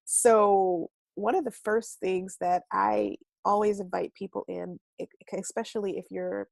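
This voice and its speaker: A woman coaching a self-love class in a casual, animated way. She swears lightly and acts out quoted voices. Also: medium pitch, unhurried, vocal fry, no room sound. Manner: casual speech with mild swearing. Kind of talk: casual conversational teaching.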